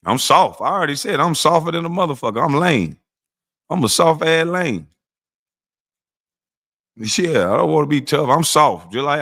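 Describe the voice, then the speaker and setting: A man's voice: mid-range voice, fairly bright tone. A man in the middle of a heated live-stream rant, speaking in an ordinary mid-range voice. He curses freely and mocks his critics bluntly. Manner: profane, mocking, blunt. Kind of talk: ranting monologue on a live stream.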